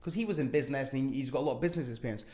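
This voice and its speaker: A man's voice: mid-range voice, rapid-fire, darkish tone. A man co-hosting a casual podcast, telling stories and giving numbered tips on property investing. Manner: storytelling, gives numbered tips.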